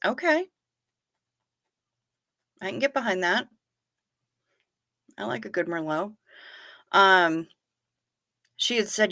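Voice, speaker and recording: Chatty, forceful middle-aged woman host. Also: on the low side, unhurried, long pauses, dry recording. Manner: animated storyteller, talks straight to viewers. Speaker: livestream host. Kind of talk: casual chat reading viewer comments.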